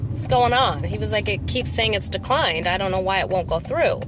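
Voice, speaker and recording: A young woman talks from the driver's seat, rambling through a story in a chatty, animated way. A faint hum of the car sits behind her voice. Her pitch stays middling and natural. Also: brisk. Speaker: vlogger. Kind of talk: casual storytelling while driving. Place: inside a car. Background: faint car noise.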